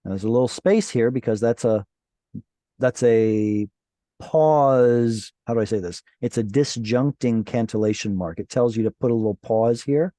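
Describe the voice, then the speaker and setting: A man's voice: mid-range voice, normal speed, warm tone, no echo. A man teaching an online Hebrew class, explaining grammar patiently and playfully, quizzing his students as he goes. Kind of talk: online Bible Hebrew lesson. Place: online class over video call.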